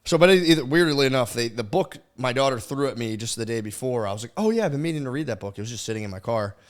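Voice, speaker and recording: A man's voice: medium pitch, expressive, quick pace. A man in his thirties hosting a casual solo podcast from home, rambling with lots of fillers and swearing as he tells stories into a studio microphone. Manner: rambling and profane, with frequent fillers. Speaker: podcast host.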